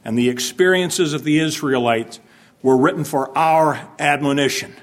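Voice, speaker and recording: A man's voice: a little high, normal speed. A man preaching a sermon in church. He asks the congregation questions and acts out stern warnings to drive his point home. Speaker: pastor.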